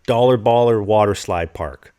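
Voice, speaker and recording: A man co-hosting a podcast, chatting casually and telling animated stories with plenty of swearing. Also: lowish voice, moderate pace, clean tone. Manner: animated storyteller, swears freely. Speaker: podcast co-host.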